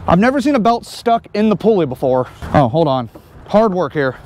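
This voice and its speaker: A joking, excitable man hosts a casual vlog outside next to a vehicle. His voice sits high and swoops around with lively ups and downs. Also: normal speed, a little hiss or hum. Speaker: host.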